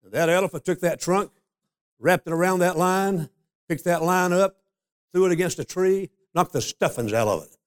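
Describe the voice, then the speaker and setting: An older man preaching a sermon, a folksy storyteller who slows down to stress scripture. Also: sits high, clear, resonant tone. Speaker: pastor.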